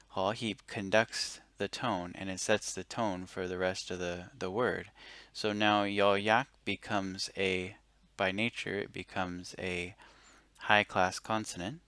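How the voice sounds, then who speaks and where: A man with a low voice and a bright, forceful edge explains grammar rules step by step. He talks in a relaxed, casual way, pausing to correct himself, recorded close and dry in a quiet room. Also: dry recording. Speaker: language teacher.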